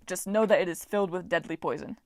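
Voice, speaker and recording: Woman playing a loud, pompous farm god. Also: lowish voice, quick pace, no room sound, clean studio sound, natural voice. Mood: dismissive. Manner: loud, theatrical, dismissive.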